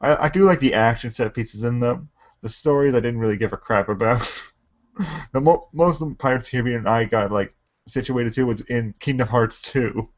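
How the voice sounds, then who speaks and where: A man chatting as a guest on a casual livestream rambles through his opinions and keeps laughing mid-sentence. His pitch is ordinary and middling. The sound is muffled, like low-quality stream audio. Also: moderate pace.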